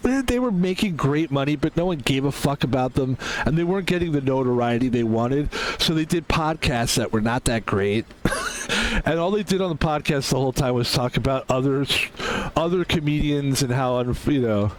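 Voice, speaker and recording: A man's voice: medium pitch, expressive, moderate pace, a little hiss or hum. A man chatting casually to his viewers while gaming on stream, rambling, mocking himself and swearing freely.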